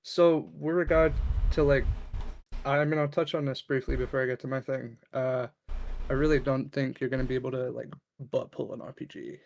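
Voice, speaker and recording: A man's voice: medium pitch, flat delivery, a little fast, vocal fry, darkish tone. A man with a northern English accent calls in, easing into his points with many ums. A faint hiss of noise sits behind his voice. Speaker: caller. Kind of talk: casual chat.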